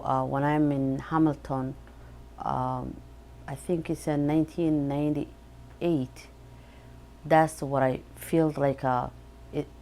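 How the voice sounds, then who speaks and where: A woman telling her story in an interview, in halting, non-native English with many fillers and restarts, and with strong feeling. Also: sits low, darkish tone. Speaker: parent sharing her experience. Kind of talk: interview testimony.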